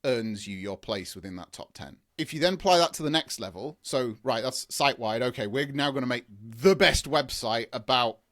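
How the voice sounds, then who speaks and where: Male guest expert, enthusiastic rambling explainer, restarts often, mid-pitched. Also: lively intonation, moderate pace, hardly any pauses, a bit bright. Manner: enthusiastic, rambling, frequent restarts and long lists. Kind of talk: conversational explaining in an interview.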